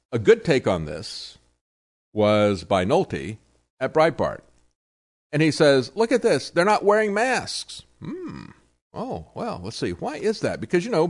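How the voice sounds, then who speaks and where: A man hosting a political talk show, delivering sarcastic commentary and mocking the people he quotes. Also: mid-range voice.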